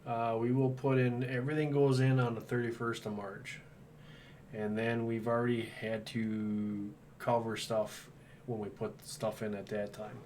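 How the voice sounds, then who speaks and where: A man's voice: mid-range voice, flat delivery, unhurried, darkish tone. A man from Wisconsin hosting a homesteading livestream, talking in an easygoing, rambling way. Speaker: homestead channel host. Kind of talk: casual livestream chat. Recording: distant mic with faint background noise.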